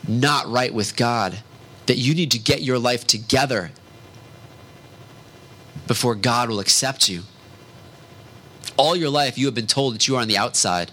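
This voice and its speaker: A man preaching a sermon in an earnest way, slowing down to stress key words. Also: mid-range voice, animated, sharp tone, low-quality recording.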